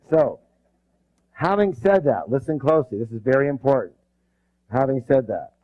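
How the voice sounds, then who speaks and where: Energetic seminar man, muffled recording. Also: medium pitch. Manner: energetic, drills the audience with rhetorical questions; emphatic, bursts loud when stressing passion. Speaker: motivational seminar speaker. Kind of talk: live seminar talk with call-and-response. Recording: dull lo-fi recording.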